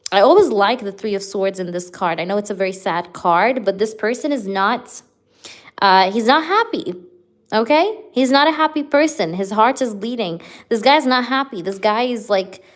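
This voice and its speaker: Young woman, live-stream tarot reader, casual and chatty with lots of fillers, addressing viewers directly. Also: mid-range voice. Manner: chatty, filler-heavy, talks straight to viewers.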